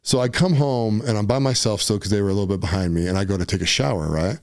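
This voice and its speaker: A man from Utah, a podcast guest, telling a personal story in a casual, animated way, often saying "dude" and "right?". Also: lowish voice, quick pace.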